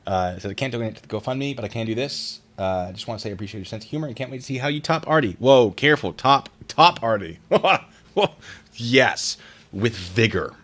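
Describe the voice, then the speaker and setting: A man's voice: medium pitch, lively intonation, fairly quick, a bit bright. A man streaming live, reading reader stories aloud and reacting to them and to chat in a chatty, wry way. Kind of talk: casual live-stream commentary.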